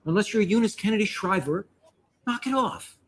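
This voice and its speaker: Sketch part: actor as an irritated barista, mocking deadpan drawl. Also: male voice, sits high, moderate pace. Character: annoyed barista mimicking a drawl.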